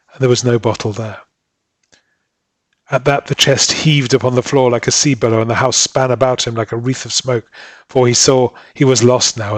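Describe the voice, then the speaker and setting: A man reads a story aloud in a steady, measured voice. His pitch sits in the middle of the male range. The recording is dry and close, with no room sound. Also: no echo. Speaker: audiobook reader. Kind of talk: scripted narration.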